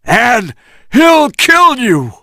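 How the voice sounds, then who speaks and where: A man's voice: extremely high pitch, wildly swooping pitch, measured pace, pushed and bright, no echo, clean studio sound, pitched above the performer's own voice, exaggerated voice. Man doing an urgent young hero, raised voice.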